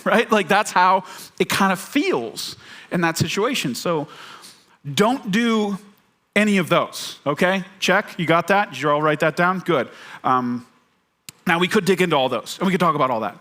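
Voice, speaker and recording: Bright, high-voiced male pastor preaching. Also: big pitch swings, moderate pace. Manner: conversational, repeats key phrases, acts out quoted voices. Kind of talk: sermon.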